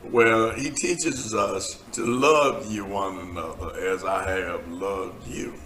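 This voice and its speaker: A preacher serving as host of a casual talk show on a studio set jokes around with laughter, then turns sincere and sermonizing on matters of faith. He speaks slowly in a low, slightly bright voice, and the room is echoey.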